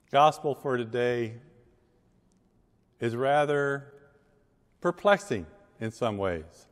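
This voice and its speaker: Male pastor, sermon, deliberate pauses, mid-pitched voice, church echo. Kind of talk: sermon with scripture reading. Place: church sanctuary. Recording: long church reverb.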